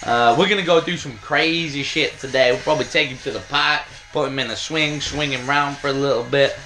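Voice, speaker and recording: Relaxed man vlogging casually. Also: medium pitch, a little fast, slight background noise. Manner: relaxed, rambling, many "uh" fillers. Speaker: powerlifting coach and vlogger. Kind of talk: casual vlog chat and voice-over.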